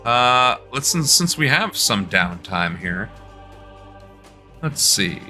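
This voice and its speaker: A man's voice: medium pitch, big pitch swings, takes it slowly, bright, forceful tone, faint music behind. A young man chatting casually with his live-stream audience while playing a game, loose and joking. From United States. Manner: loose, joking, talking to chat. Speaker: political streamer.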